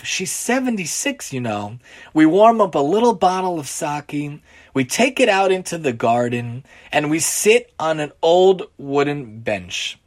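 A man voicing a gentle elderly man in his seventies who speaks calmly, softly and kindly. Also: fairly high pitch, exaggerated voice. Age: 70s. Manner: calm, soft, friendly coaxing.

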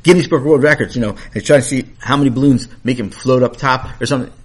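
A man voicing an excited young boy in a storybook tale, talking urgently and tripping over his words. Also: medium pitch, fast talker, slightly rough, close to an everyday voice. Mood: puzzled.

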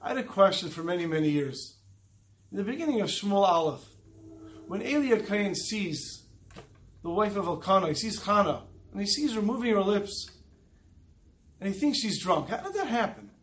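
A man voicing a wise, stern old rabbi who judges sharply and shouts accusations. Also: high-pitched, lively intonation, moderate pace, long pauses. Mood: explaining. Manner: commanding, accusing.

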